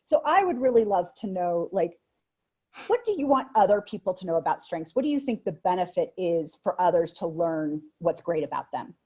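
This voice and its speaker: A woman with a husky, breathy voice hosts a relaxed conversation. She tells stories with lively energy and plays out other people's lines. The sound is dull and lo-fi. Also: on the low side, normal speed. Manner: animated storyteller who acts out voices. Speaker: podcast host. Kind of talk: casual interview chat.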